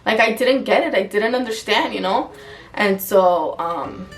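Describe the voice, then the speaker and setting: A young woman talks straight to her viewers about a hard personal experience, loose and candid, leaning on fillers and the occasional curse. She sits a little back from the mic, and soft music plays faintly underneath. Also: mid-range voice, unhurried, distant mic. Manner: casual, filler-heavy, frank with swearing. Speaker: vlogger. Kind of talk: emotional personal storytelling.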